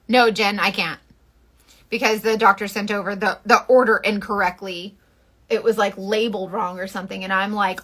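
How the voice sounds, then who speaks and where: A woman's voice: medium pitch, fast talker, bright, forceful tone. A woman in her thirties from Florida, chatting and venting on a makeup livestream, talkative and exasperated, with the odd swear word. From Florida, USA. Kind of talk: casual livestream chat.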